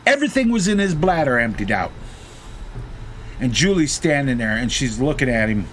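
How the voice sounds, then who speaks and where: A middle-aged man streams a game and spins a rough, profane yarn between moves. His voice swings widely in pitch as he tells it, and a faint hiss of noise sits under it. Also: normal speed. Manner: profane, animated storytelling, shouts quoted lines. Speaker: gaming streamer. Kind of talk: casual storytelling while playing.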